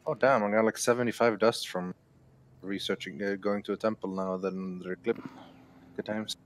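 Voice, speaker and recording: A man's voice: on the low side, steady tone, moderate pace, a little hiss or hum. A man chatting while gaming, explaining settings in a matter-of-fact way. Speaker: gamer on a group video call. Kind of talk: casual gaming banter.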